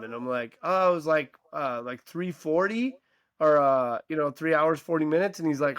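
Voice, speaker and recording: Podcast host dude telling a story, does little voices for people, kinda high voice. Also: male voice, a little fast, no room sound. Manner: animated anecdote teller, mimics voices in quotes. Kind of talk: casual chat, storytelling.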